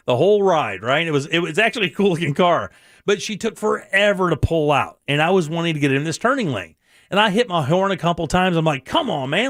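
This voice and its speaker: In casual talk show chat, this radio host spins animated stories and acts out quoted voices. His voice is a little high and a bit bright, with clean studio sound and no echo.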